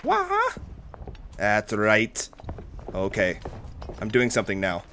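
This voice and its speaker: A man giving excitable, profane gameplay commentary, shouting battle cries while he plays. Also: mid-range voice, normal speed, a little hiss or hum. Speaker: gaming YouTuber. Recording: game music and gunfire behind. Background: game music and gunfire.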